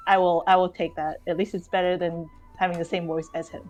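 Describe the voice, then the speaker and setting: A woman's voice: lowish voice, flat delivery, quick pace, darkish tone, soft background music. A woman playing a tabletop game, chatting casually and laughing easily. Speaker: player.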